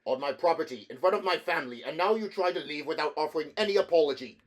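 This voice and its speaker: A man voicing an arrogant, rich middle-aged villa owner for an audiobook, speaking higher and louder in indignant, imperious tones. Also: normal speed, close to an everyday voice.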